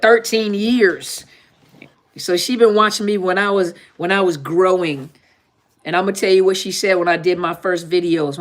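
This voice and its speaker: A woman therapist hosting a live-stream Q&A in a casual, joking tone, often repeating herself and laughing. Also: lowish voice. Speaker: therapist and channel host.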